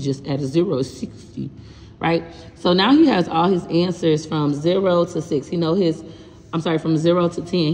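A woman's voice: fairly low pitch, warm tone, long reverb tail. A woman in her thirties, a parent and content creator, talking frankly and casually in a vlog about teaching her son math, swearing now and then. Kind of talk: casual vlog explaining homework help.

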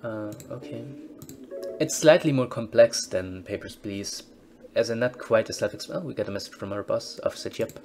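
A man's voice: fairly low pitch, normal speed, a little mellow. A man casually commentating on a game he plays, reading its text aloud and adding dry, wry asides. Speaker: let's-play host.

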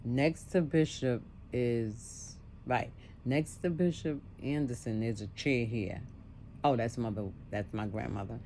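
A woman's voice: extremely low pitch, a little slow, warm tone. A middle-aged woman recounts a personal story in a loose, conversational way. She doubles back, repeats words and drops in asides to the listener. A faint background hiss sits under her voice. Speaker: storyteller vlogger. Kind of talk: casual storytime monologue.

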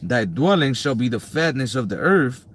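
A man reading old-fashioned Bible verses aloud, slowly and carefully, during a study session. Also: medium pitch, sing-song, breathy edge.

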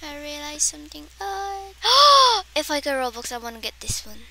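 A woman giving excitable, dramatic commentary while playing a game, with playful exaggeration and frequent gasps. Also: high-pitched, fairly quick, gravelly. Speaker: gameplay streamer. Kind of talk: casual gameplay commentary.

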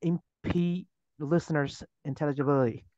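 A man's voice: a little high, fairly even intonation, a little fast, warm tone, no room sound. A man with a Chinese accent, a TOEFL teacher explaining in a casual interview, earnest and full of restarts. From China. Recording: dull lo-fi sound.

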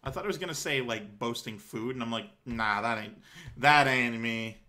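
A man's voice: mid-range voice, moderate pace, sharp tone. A young man streaming a visual novel, commenting casually, joking and swearing at the script. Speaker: let's-play streamer.

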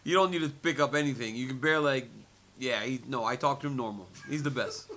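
A man's voice: mid-range voice, quick pace. A man in his forties in a media interview, telling stories with lots of laughter and repeated phrases. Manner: animated storyteller, laughs often, repeats phrases. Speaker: interviewee, former fighter and commentator.

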